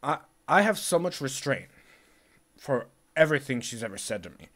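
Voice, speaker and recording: Animated, profane ranting man. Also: medium pitch, moderate pace. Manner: animated, profane, rambling and repetitive. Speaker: vlogger. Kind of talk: casual storytelling rant.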